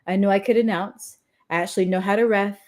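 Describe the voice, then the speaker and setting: A woman's voice: medium pitch, fairly even intonation, fast talker, a little mellow. A woman wrestler, a guest on an interview podcast, talking earnestly and with enthusiasm. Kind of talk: casual interview chat.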